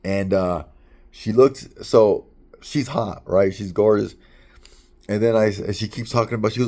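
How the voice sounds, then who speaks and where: Low gravelly guy rambling through a story, lots of stumbles and swearing. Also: measured pace, mellow. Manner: rambling, repeats words, swears. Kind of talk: casual storytelling monologue.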